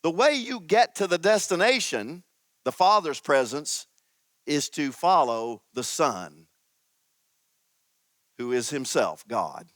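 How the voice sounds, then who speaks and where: Slow, emphatic male preacher. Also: on the high side, big pitch swings, a bit bright, no echo. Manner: slow, emphatic teaching with dramatic pauses. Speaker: pastor. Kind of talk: sermon.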